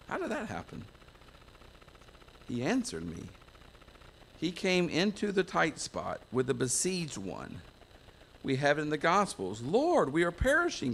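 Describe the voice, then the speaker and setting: Slow, gravelly American pastor preaching. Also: male voice, medium pitch, fairly bright tone, slight background noise. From United States. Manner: folksy, self-mocking, digressive. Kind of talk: sermon. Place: church.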